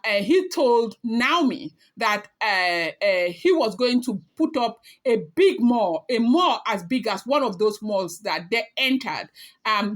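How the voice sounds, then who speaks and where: A woman's voice: on the high side, fairly bright tone. A woman talking casually as a celebrity gossip blogger, chatty and emphatic, speaking straight to her viewers.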